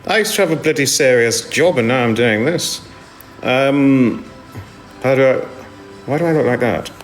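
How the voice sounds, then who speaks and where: A man's voice: mid-range voice, expressive, normal speed, soft background music. A man chatting casually on a live stream from home, rambling and self-deprecating as he answers viewers' comments into his phone. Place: indoors at home.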